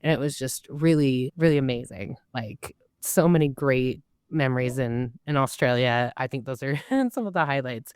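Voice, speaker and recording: A woman's voice: rumbling low, moderate pace, few pauses, smooth, dry recording, studio quality. A woman in her twenties, a podcast guest, telling travel stories casually and acting out quoted dialogue. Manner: animated, acts out quoted dialogue. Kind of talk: casual storytelling.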